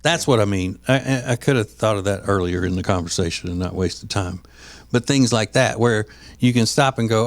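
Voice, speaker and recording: A man's voice: fairly low pitch, brisk, no room sound. A man co-hosting a podcast in casual chat, rambling with frequent restarts and acting out quoted voices. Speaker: podcast co-host.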